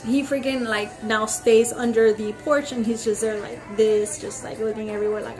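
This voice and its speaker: This young vlogger has a voice on the high side and talks at a normal speed while music plays in the background. Ranting casually to the camera, she rambles with plenty of "like" and "freaking," bringing her stories to life by acting out others' lines.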